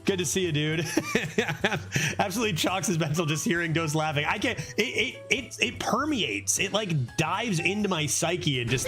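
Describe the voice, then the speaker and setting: A man livestreaming a card game, giving excitable, casual commentary and laughing often. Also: on the high side, moderate pace, over loud music.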